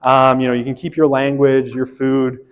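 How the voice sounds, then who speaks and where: A man's voice: medium pitch, monotone, moderate pace, clear, resonant tone, in a large hall. A man gives a casual, joking sociology lecture, full of fillers and tag questions like "right?". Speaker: sociology instructor. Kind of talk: recorded university lecture.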